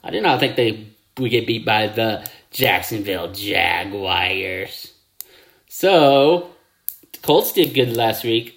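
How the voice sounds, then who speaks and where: A man hosting his own football picks show, excitable, with catchphrases and mouth sound effects. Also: on the low side, takes it slowly, gravelly. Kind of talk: casual sports picks video.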